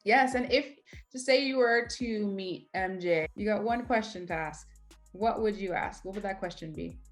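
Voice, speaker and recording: A woman's voice: mid-range voice, normal speed, soft background music. A woman hosting a casual interview, asking encouraging questions. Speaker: interviewer, host.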